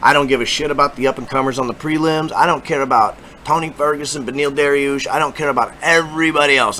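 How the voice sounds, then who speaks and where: A man hosting a casual fight-prediction talk, profane, excitable and rambling with lots of repetition. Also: mid-range voice, a little hiss or hum. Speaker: MMA fight predictions host.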